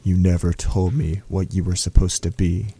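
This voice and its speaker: A man voicing an ancient, sinister clawed monster who speaks in a slow, menacing way. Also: low-pitched, flat delivery, mellow, breathy edge.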